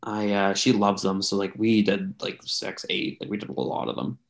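Gravelly young man telling a rambling story. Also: fairly low pitch, moderate pace. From Canada. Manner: rambling, filler-heavy, chatty. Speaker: podcast co-host. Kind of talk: casual storytelling among friends.

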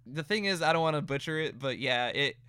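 A man's voice: a little high, lively intonation, brisk, crowd noise. A male podcast host chatting casually in an upbeat way, laughing often.

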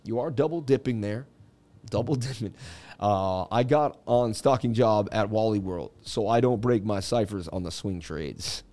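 A man's voice: on the low side, normal speed, warm tone. Jokey man hosting a market livestream. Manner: joking, chatty, reads viewer comments aloud. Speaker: crypto livestream host. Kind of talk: casual livestream market commentary.

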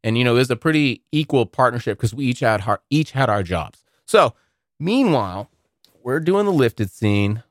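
A man's voice: mid-range voice, expressive, moderate pace, no room sound, studio quality. A man hosting a podcast, rambling through a casual monologue full of profanity. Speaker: podcast host.

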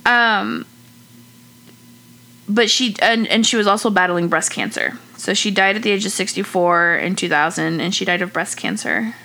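A woman walking through a true-crime case in easy podcast chat. She talks loosely and swears now and then. Her voice is bright and clear at a middle pitch. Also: moderate pace. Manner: relaxed storyteller, casual swearing. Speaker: podcast co-host.

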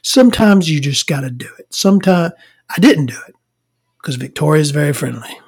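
Husky and animated at a normal speed, a woman rants in exasperation through a meandering, profanity-laden story. She alternates between loud bursts and low muttering while swearing heavily.

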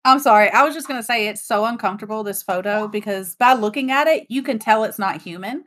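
A woman's voice: medium pitch, a bit bright. A woman co-hosting a podcast who reacts with jokes and teasing quips. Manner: joking and teasing, quick quips. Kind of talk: casual chat.

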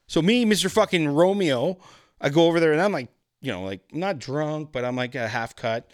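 A man tells a rowdy story on a podcast, his pitch swinging widely as he acts out each character. He swears freely and never sits still in his delivery. The sound is dry and close. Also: moderate pace, dry recording. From Canada. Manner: animated, profane, acts out voices in his stories. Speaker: podcast guest. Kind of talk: casual storytelling.

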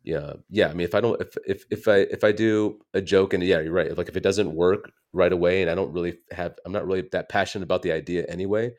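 US comedian with a deep low voice, chatty and self-correcting as he tells stories. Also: fairly even intonation, fast talker, hardly any pauses, a little mellow. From United States. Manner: rambling, self-correcting storyteller. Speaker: comedian guest. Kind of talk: casual interview chat.

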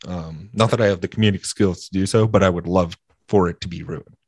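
Laid-back low-voiced male podcast host. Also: steady tone, fairly quick, a little mellow, husky, dry recording. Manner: laid-back, repeats himself, swears casually. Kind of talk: casual chat.

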